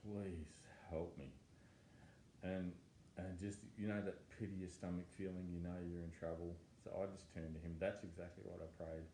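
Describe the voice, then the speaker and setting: A man telling a personal testimony, animated and stammering as he acts out his own thoughts. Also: sits low, brisk, vocal fry, slight background noise. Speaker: testimony speaker. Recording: echoey room with faint ambience.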